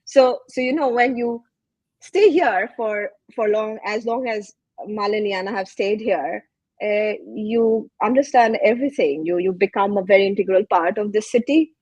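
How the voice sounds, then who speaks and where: A woman from India speaks as a panelist and tells her stories in an animated way. Her voice is husky and sounds dry and close. She uses plenty of fillers as she talks. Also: mid-range voice, normal speed, no echo, dull audio. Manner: animated storytelling with many fillers. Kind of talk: panel Q&A answer.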